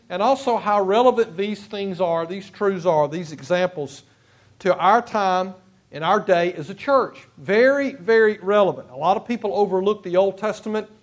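High-voiced man preaching a sermon. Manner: halting, with frequent restarts and repeated emphasis. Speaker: pastor. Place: church sanctuary.

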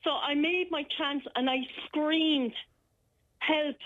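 An Irish woman phoning in, telling a frightening personal account in a halting, shaken way with many restarts. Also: high-pitched. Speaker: caller. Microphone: telephone. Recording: muffled telephone line.

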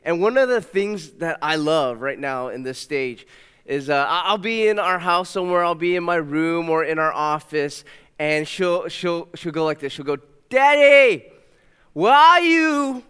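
A pastor in his thirties giving a sermon in a church, telling a family story warmly and moving into prayer. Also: moderate pace, clear, resonant tone. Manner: warm storytelling, puts on a high toddler voice for his daughter. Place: church sanctuary. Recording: long reverb of a church hall.

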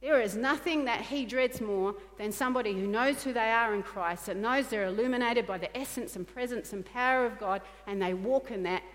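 A woman's voice: fairly high pitch, fairly quick, few pauses, long reverb tail. A woman pastor preaching a sermon in an earnest, repetitive way, often acting out quoted dialogue.

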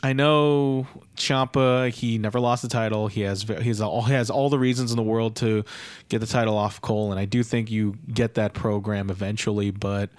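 A man's voice: on the low side, fairly even intonation, normal speed, no echo. A man co-hosting a podcast, rambling through his opinions on wrestling booking with many restarts. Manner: rambling, hedging, restarts a lot when he gives opinions. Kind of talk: casual opinion chat.

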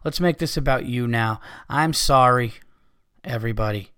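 A man's voice: mid-range voice, normal speed, bright, forceful tone, smooth. A man hosting a podcast, ranting heatedly with lots of swearing. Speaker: podcast host.

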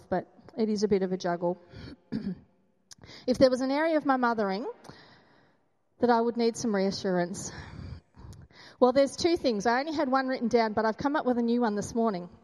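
A woman's voice: a little high, brisk, darkish tone, long reverb tail. A woman in her thirties giving a candid, self-deprecating personal testimony at a church gathering.

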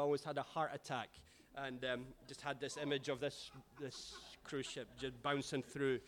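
Man, pastor, lively sermon storyteller, pitched a bit high. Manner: animated, dramatic swings in loudness.

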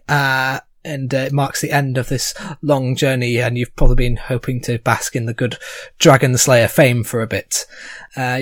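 A man narrating a tabletop game as game master, hesitant, with many pauses. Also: medium pitch, dry recording. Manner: hesitant, full of "uh"s.

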